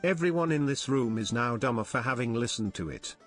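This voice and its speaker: A man's voice: medium pitch, expressive, soft background music, natural voice. A man playing a stern, withering official. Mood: withering contempt. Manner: measured, cutting, contemptuous. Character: stern middle-aged man delivering a withering rebuke. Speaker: stern official scolding someone in a film clip.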